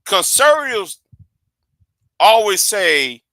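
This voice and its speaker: A man giving casual political commentary on a call, halting and restarting his sentences often. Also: high voice, sing-song, bright, forceful tone, no echo. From United States. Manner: halting, many repeats and restarts.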